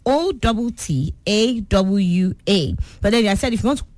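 A woman hosting a children's quiz show on the radio, patient and teacherly, repeating her questions slowly. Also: mid-range voice, animated, darkish tone, no room sound.

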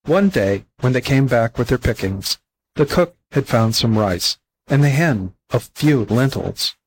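A man reading an old fable aloud as a volunteer audiobook narrator, in a plain, steady storybook manner. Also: mid-range voice, a little slow, a little hiss or hum, low-quality recording.

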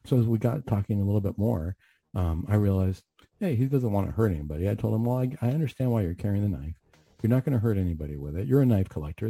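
A man with a low, very dark and mellow voice tells a personal story for radio. His tone is a little husky and he talks in an earnest, conversational way, often backing up to restart a sentence. The sound is dry and close, with no room echo. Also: animated, quick pace.

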